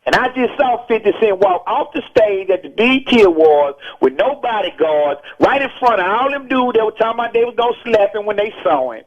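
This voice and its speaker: A man's voice: sits high, expressive, a little fast, few pauses. A man from Texas, calling in to a radio show as a guest and preaching his point emphatically and repetitively. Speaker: rapper interviewed as phone-in guest. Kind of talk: heated radio call-in interview. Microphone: telephone. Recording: dull phone line from an old radio broadcast.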